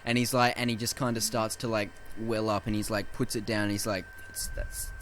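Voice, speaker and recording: A man with a somewhat low voice on a casual film podcast, retelling scenes with lots of swearing and quoted dialogue. A faint hum sits under the recording. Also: level tone, a little fast, fairly bright tone. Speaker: podcast co-host.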